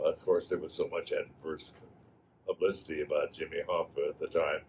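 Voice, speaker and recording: Halting elderly man reminiscing. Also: very deep voice, vocal fry, slight background noise, low-quality recording. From Wisconsin. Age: 80s. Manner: halting, many fillers and restarts. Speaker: alumnus guest. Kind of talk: reminiscing storytelling.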